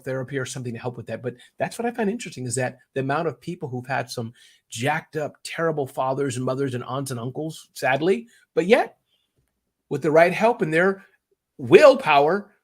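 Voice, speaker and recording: A man chats as an interview guest. He rambles and gets emotional as he goes, and his voice stays animated throughout. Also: mid-range voice, fairly quick, slightly rough. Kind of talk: casual interview chat.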